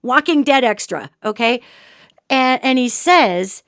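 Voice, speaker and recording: A woman hosting a show and telling a story in an animated, dramatic way, with sudden swings between loud and soft. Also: high-pitched, takes it slowly, no room sound, clean studio sound. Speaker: podcast host and psychic. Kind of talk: storytelling monologue.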